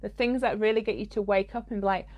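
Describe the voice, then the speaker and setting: Brief: woman, spiritual coach, blunt podcast monologue, swears a lot, laughs in the middle of lines, mid pitch. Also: fairly even intonation, fast talker, muffled recording.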